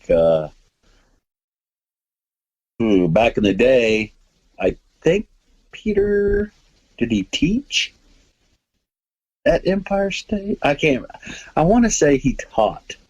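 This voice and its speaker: Guy with a bit of a husky voice, laid back, acting out movie bits while chatting. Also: lowish voice, takes it slowly, long pauses, no room sound, muffled recording. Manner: relaxed, retells scenes by quoting characters. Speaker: guest. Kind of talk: casual movie chat.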